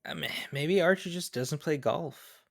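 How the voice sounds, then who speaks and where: A man co-hosting a podcast, chatting casually about a film in a relaxed, slightly halting way. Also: on the high side, creaky, dry recording, studio quality. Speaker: podcast co-host.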